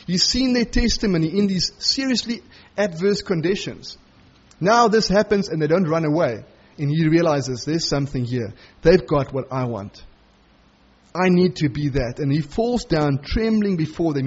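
Male preacher, husky tone, expository sermon, muffled lo-fi sound. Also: sits high. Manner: expository preaching, acts out quoted lines.

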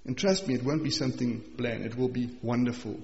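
A man's voice: medium pitch, fairly even intonation, gravelly, a little mellow. Man preaching in an echoey hall. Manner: earnest, reads scripture slowly with emphasis. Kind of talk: sermon. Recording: echoey hall, dull sound.

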